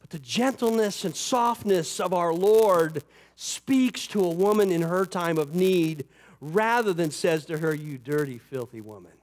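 A man with a fairly high voice delivers a sermon from the pulpit. He drops into easy asides, then lifts his voice and slows down to drive a point home. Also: darkish tone. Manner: rises and falls for emphasis, slows on scripture; conversational asides with "you know" and "right". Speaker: pastor.

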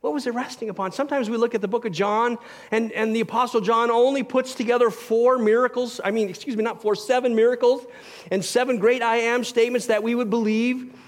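High-voiced man preaching earnestly. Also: fairly even intonation, brisk. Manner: earnest, emphatic preaching with sudden swings between loud and soft. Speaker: pastor. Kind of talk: sermon.

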